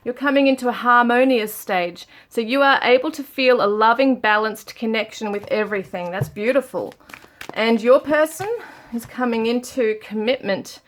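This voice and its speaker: A woman doing a pick-a-card tarot reading, gently reading card messages aloud and commenting on them. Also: fairly high pitch, moderate pace. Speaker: tarot reader.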